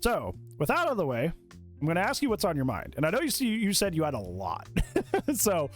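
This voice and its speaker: A man hosting a casual interview, asking questions and giving his own views with lively, swooping intonation. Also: on the high side, fairly quick, soft background music. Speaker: podcast host.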